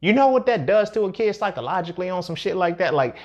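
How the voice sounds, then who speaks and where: On a muffled recording, the podcast host sounds high-pitched, very animated and fast. His casual personal monologue is reflective yet profane and streetwise, punctuated often by "you feel me."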